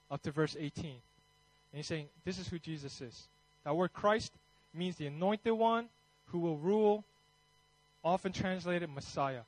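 A man's voice: on the high side, no echo, rough recording. A man preaching a Christmas sermon in a conversational way, then leading a fervent prayer. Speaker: pastor.

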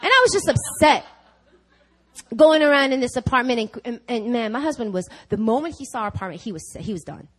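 A woman preaching a conversational sermon, telling a personal story with laughs and lively asides. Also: fairly high pitch, brisk, poor audio. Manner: animated, laughing, chatty with fillers. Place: church service.

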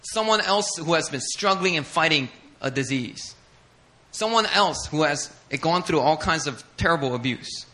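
A male pastor preaching with a bright, sharp, ringing voice. He speaks higher than most men and drives his points home with repetition. His delivery swells with fervor as he builds. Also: lively intonation, moderate pace. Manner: passionate, emphatic, building intensity with repetition. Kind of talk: sermon.

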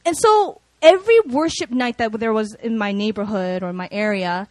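A woman preaching a sermon, telling personal stories in an animated, conversational way with lots of fillers. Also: on the high side, normal speed, no room sound.

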